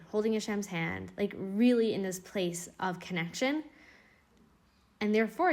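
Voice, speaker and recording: A woman teaching an inspirational Torah class in an earnest, encouraging way, often repeating phrases for emphasis. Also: medium pitch.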